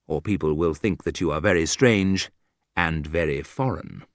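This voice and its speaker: A man reading a humorous book aloud in a dry, wry manner, with sudden lifts in pitch. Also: sing-song, moderate pace, no echo. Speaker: audiobook narrator. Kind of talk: scripted humorous narration.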